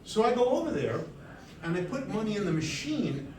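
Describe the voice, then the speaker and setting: A middle-aged man telling a comic personal story on stage, wry and animated, with the audience laughing. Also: high-pitched, normal speed. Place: stage before a live audience. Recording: echoey room, distant mic, audience.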